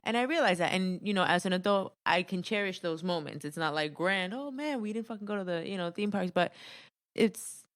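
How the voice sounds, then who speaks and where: A young adult woman, a podcast guest, telling a personal story in relaxed chat, laughing often. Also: on the low side, fairly quick, dry recording, clean studio sound. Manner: storytelling, laughs often, says "you know" a lot.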